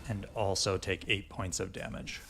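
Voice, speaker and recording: A man's voice: deep voice, fairly even intonation, normal speed, creaky. A man running a tabletop fantasy game as dungeon master, narrating and checking rules with many fillers. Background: soft fantasy music.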